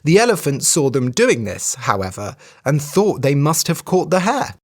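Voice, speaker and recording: An English teacher reading a children's story aloud for learners, clear and expressive. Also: mid-range voice, normal speed.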